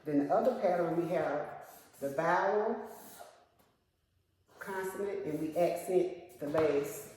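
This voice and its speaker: A woman's voice: fairly low pitch, slow pace, pauses often, a little mellow, a little hiss or hum. A woman teacher walking a student through syllable division, patiently asking questions to prompt answers. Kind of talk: classroom instruction. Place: classroom. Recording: echoey classroom with long reverb.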